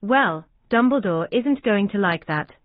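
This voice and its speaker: Casting: woman voicing a watchful witch spy, slow, tinny and dry. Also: mid-range voice, lively intonation, no room sound, close to an everyday voice. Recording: dry, tinny phone-like sound.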